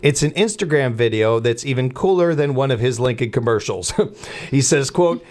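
A man hosting a morning radio show in a relaxed, chatty, rambling way from a studio. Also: mid-range voice, normal speed. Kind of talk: casual radio chat.

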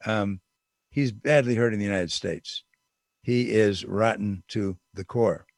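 A man's voice: lowish voice, measured pace, no room sound, studio quality. An older man giving a casual, digressive political commentary monologue with emphatic asides.

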